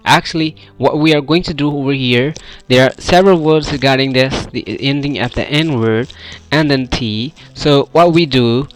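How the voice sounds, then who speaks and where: A Pakistani man with a Pakistani accent leads an English pronunciation lesson, drawing out model words for the listener to repeat in drills. His voice sits at medium pitch with no echo.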